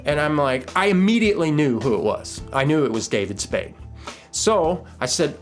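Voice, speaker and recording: Relaxed folksy middle-aged man. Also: on the high side, normal speed, faint music behind. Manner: relaxed, folksy, with filler words. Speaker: podcast host. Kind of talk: casual storytelling and recipe talk.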